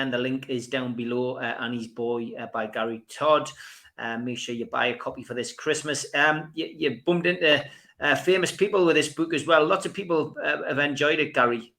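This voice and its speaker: Bright-voiced friendly podcast host. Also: male voice, mid-range voice, normal speed. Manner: friendly, calls the guest mate. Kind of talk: casual interview chat.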